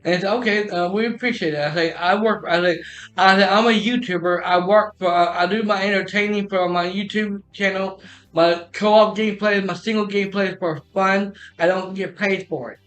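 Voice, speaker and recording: A man's voice: high voice, fairly even intonation, fairly quick, fairly bright tone. A man telling a personal story in a casual, rambling way, often restarting and repeating "I said.".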